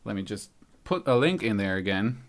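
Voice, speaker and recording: A man's voice: lowish voice, expressive, moderate pace. A man from Germany with a light German accent, hosting a casual live stream, thinking aloud as he fiddles with settings and reads out viewers' comments. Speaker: YouTube channel host.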